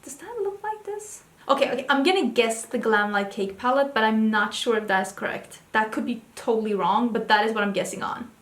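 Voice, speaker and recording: Young adult woman, vlogger, casual chat, excitable, chatty, higher voice. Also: brisk, few pauses, slight background noise. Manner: excitable, chatty, full of questions and gasps. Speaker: beauty vlogger. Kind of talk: casual chat, thinking aloud. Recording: roomy echo.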